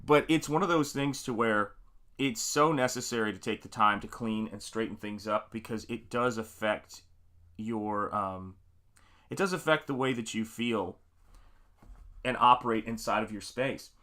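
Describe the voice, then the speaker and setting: Upbeat, bright-voiced streaming painter. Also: male voice, lowish voice, moderate pace. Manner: greets viewers by name with upbeat energy; rambling, many fillers while working. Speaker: livestream host and painter. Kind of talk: casual live-stream chat. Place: home art studio.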